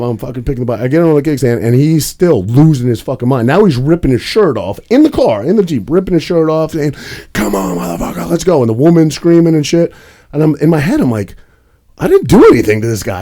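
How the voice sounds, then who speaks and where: A young man with a fairly high, mellow voice co-hosts a podcast. He tells a rambling story in casual chat, swearing plenty along the way.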